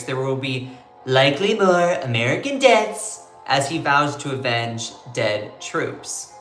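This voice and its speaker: A man's voice: mid-range voice, bright, forceful tone, reverberant. A man hosting a live political commentary stream, emphatic and prone to repeating phrases.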